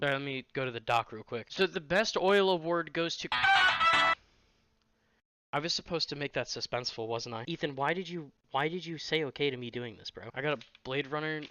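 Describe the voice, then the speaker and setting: A man's voice: medium pitch, bright, forceful tone, highs cut off, slight background noise. A man presenting an award in a rambling, self-mocking way, with mock-dramatic asides. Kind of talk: casual comedic presenting.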